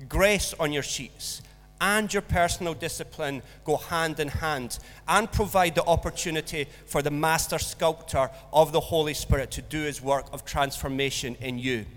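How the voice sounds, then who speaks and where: A pastor's fairly high-pitched voice moves at a moderate pace as he tells a school story during his sermon, animated and acting out voices in the anecdote. The church hall lends the recording a long reverb.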